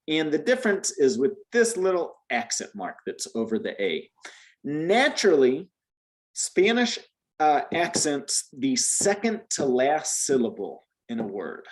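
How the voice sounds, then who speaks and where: Animated man teaching Spanish. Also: fairly high pitch, a little slow. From United States. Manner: animated, explains patiently with repeated restarts. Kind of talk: one-on-one language lesson.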